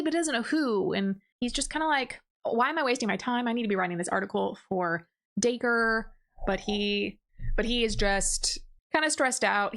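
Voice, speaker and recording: A woman casually recapping a novel's plot for her book review channel, talking in loose run-on sentences full of fillers. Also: fairly high pitch. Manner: chatty, filler-heavy with frequent "like" and laughs. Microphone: desk microphone.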